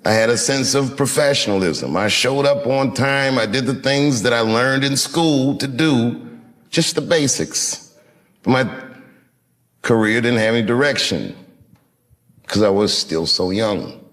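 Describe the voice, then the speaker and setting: A comedian in his fifties from Washington, D.C., tells an audience a reflective story, measured and unhurried, with dramatic pauses. His voice is medium in pitch with a fairly bright tone.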